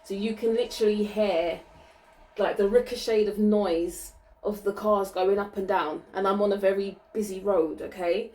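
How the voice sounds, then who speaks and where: A woman talks through a spiritual card reading at a mid-range pitch, chatty and loose, with plenty of ums and restarts. Her voice bounces around a small echoey room. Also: steady tone, normal speed, mellow. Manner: chatty, many fillers and restarts. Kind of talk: casual card-reading vlog. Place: small indoor room with a vent.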